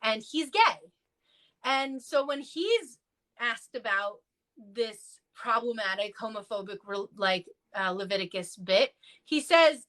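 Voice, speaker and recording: Animated yet slow, her voice a bit bright, the woman is a clergy guest in a livestream discussion. She rambles through stories with lots of fillers, performing quoted lines through sudden pitch jumps.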